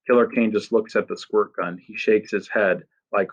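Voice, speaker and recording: A man reading a first-person story aloud in a steady, expressive narration. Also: on the low side, moderate pace, breathy edge, dull audio. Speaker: audiobook narrator.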